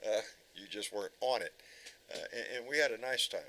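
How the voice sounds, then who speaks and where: A man's voice: lowish voice, fairly quick, sharp tone, low-quality recording. A man hosting a casual livestream chat, bantering and joking. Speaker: host.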